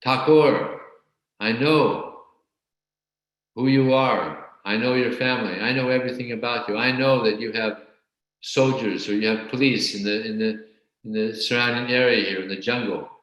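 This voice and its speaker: A man's voice: mid-range voice, moderate pace, a bit bright, natural voice. A man voicing an arrogant male false guru who claims to be God, speaking boastfully and defiantly. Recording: very echoey room.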